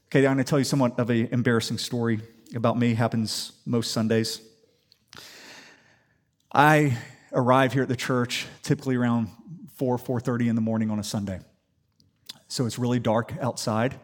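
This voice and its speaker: A man from the Atlanta area preaching a sermon in a church, telling stories and building up to loud declarations. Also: mid-range voice, normal speed, long pauses. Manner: animated storytelling, rising to loud declaration. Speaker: pastor. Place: church sanctuary.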